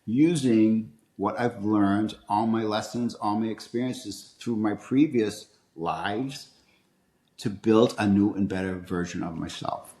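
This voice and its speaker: A man's voice: fairly low pitch, takes it slowly, a little mellow. Upbeat older man with a Boston accent. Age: 60s. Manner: joking, upbeat, reflective. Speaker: interview guest. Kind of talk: conversational interview.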